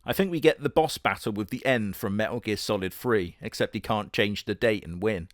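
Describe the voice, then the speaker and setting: A man hosting a comedic reaction video with sarcastic, profane, deadpan jokes. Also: lowish voice, a little fast, hardly any pauses, dry recording, clean studio sound.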